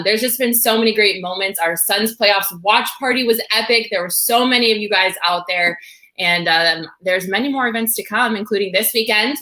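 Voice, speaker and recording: Bright, bubbly young woman co-host. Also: medium pitch. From Colorado. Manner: bubbly, laughs easily, gushing. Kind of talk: casual chat. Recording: roomy echo.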